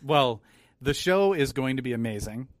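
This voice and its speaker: A man's voice: medium pitch, expressive, moderate pace, no echo, studio quality. A man hosting a podcast, speaking earnestly and with enthusiasm. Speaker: podcast host. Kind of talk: casual podcast chat.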